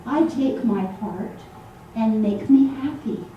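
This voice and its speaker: A woman minister giving a sermon to a congregation in a church hall, animated and acting out the voices she quotes. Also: a little high, slow pace, muffled recording, slight background noise. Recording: echoey hall, voice from far off.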